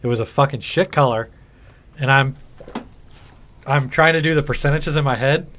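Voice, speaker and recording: A man co-hosting a podcast in casual chat, telling stories with plenty of swearing and animated energy. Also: mid-range voice, moderate pace, a little hiss or hum. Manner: profane, animated storyteller. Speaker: podcast co-host.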